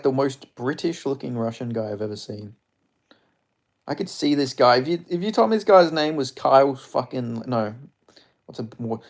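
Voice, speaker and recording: A young man with a gravelly voice, reacting live to a fight broadcast. His tone sits in a middle register. He talks in a chatty, excitable way and swears freely as he follows the action. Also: mid-range voice. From Australia. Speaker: streamer. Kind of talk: live fight watch-along commentary.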